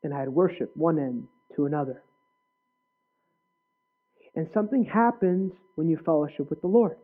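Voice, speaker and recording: A male preacher giving an earnest personal testimony in a sermon, with sudden loud bursts. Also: a little high, normal speed. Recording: tinny phone-like sound.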